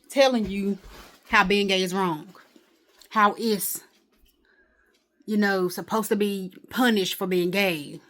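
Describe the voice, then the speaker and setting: A woman's voice: medium pitch, slow, long pauses, a bit bright. A woman talking casually to a phone camera at home in a rambling day-in-the-life vlog, with exasperated asides. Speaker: vlogger.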